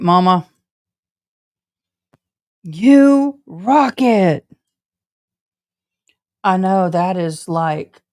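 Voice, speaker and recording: A woman's voice: mid-range voice, a little mellow, no room sound, studio quality. A woman hosting a live stream from her home, chatting casually and talking straight to her viewers. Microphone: camera setup.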